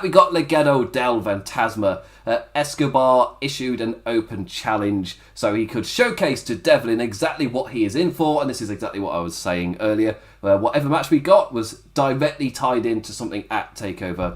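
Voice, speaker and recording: A man talks through a wrestling episode in a loose, rambling solo review. His pitch swings widely as he chuckles at his own asides and slips into quick mock voices. It sounds like an offhand chat rather than a script. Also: animated. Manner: rambling, laughs often, does mock voices. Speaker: wrestling review podcast host. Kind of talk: casual solo review commentary.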